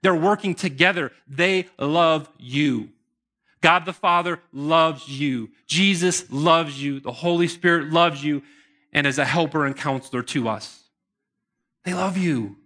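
A man preaching a sermon to his congregation in an earnest manner. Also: on the high side. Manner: earnest preaching, bursts into excited shouts. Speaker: pastor.

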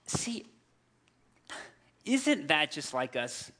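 A man in his thirties preaching a sermon, telling scripture stories in a lively, humorous way and acting out the characters. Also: on the high side, slow pace, long pauses. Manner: animated storytelling, acts out scripture characters with humor. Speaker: pastor.

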